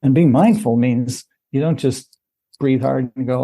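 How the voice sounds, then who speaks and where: Male podcast guest: gravelly, warm and a little husky, talks in a relaxed, explanatory way. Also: mid-range voice, normal speed. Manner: relaxed, explanatory, many "you know" fillers. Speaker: podcast guest, running coach. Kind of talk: casual interview talk.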